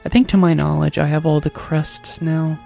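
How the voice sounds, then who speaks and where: A man's voice: on the high side, flat delivery, moderate pace, creaky, warm tone. A man giving casual gameplay commentary, fretting and repeating himself as he mutters complaints over faint game music. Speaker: let's play commentator.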